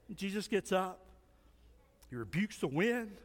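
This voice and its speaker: A man with a high voice preaches in a big church whose sound rings on with long reverb. He tells his stories vividly and acts out the people in them, pausing in short phrases for an interpreter. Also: very animated. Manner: storytelling, acts out dialogue. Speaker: pastor. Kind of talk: sermon with an interpreter. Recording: long reverb in a large hall.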